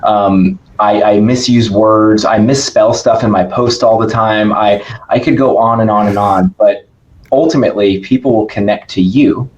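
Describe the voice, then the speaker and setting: A man talking as a podcast guest in casual conversation, energetic and emphatic, often checking in with "right?". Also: on the low side, normal speed, low-quality recording.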